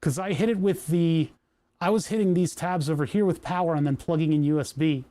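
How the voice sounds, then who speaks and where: A Twitch streamer tinkers at his workbench, chatting casually to himself, grumbling and joking. He speaks fairly quickly in a fairly high voice with a dark tone.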